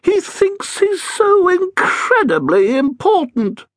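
Man voicing a grumpy old female ghost, shrill, scornful, bossy, storybook character. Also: huge pitch swings, slow, no echo, clean studio sound, heavily acted. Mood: scornful grumbling. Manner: grumbling, scornful. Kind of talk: audiobook character voice.

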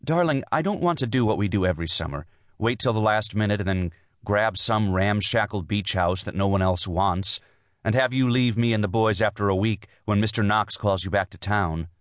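A man's voice: on the low side, moderate pace, no room sound, clean studio sound, natural voice. A man narrating an audiobook voices a tense young wife and mother, earnest and insistent as she pleads her case. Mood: earnest, pleading. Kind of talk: audiobook dialogue.

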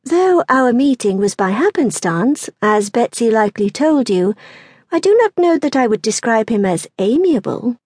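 Storybook heroine: woman voicing a sharp-tongued young lady, slightly raised, husky, lively lilt. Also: on the high side, moderate pace, dry recording, studio quality. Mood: tart, composed. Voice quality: crisp, tart. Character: spirited, witty young gentlewoman.

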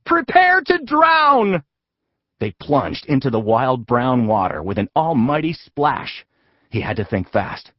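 A man narrating a comic children's audiobook with a husky voice and a lively, playful storytelling manner. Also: mid-range voice, a little slow, dry recording, lo-fi sound.

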